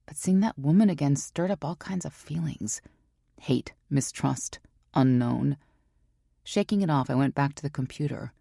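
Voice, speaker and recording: A woman narrating a first-person romance audiobook in a measured, introspective way on a close studio mic. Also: low-pitched, vocal fry, warm tone, dry recording.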